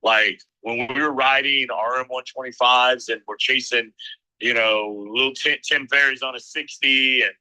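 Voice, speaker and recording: A man's voice: medium pitch, fairly even intonation, normal speed, sharp tone, rough recording. A middle-aged man who works as a race announcer, telling rambling anecdotes in a casual interview and acting out the lines he quotes.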